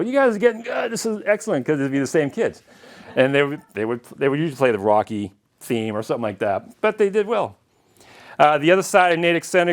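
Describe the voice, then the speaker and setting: A middle-aged man giving a casual history lecture, chatting through anecdotes and chuckling now and then. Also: medium pitch. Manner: chatty and anecdotal, chuckling at his own stories. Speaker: lecturer and longtime marathon runner.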